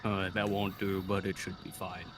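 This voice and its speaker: Guy player, kinda low voice, chill and offhand, faint hum behind. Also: completely flat delivery, normal speed. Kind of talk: casual game chat.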